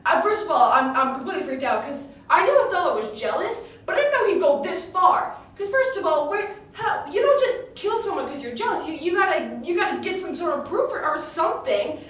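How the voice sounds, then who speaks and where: A woman's voice: very high-pitched, very animated, brisk, hardly any pauses, fairly bright tone. A woman telling a story in character in a chatty, indignant way, full of fillers and restarts. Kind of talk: in-character monologue retelling a tragedy. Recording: echoey room, distant mic, faint ambience.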